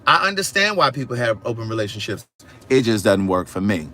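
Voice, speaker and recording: A man hosting a casual outdoor livestream, talking directly to his viewers in an animated, chatty way. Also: lowish voice, brisk. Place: outdoors in a yard.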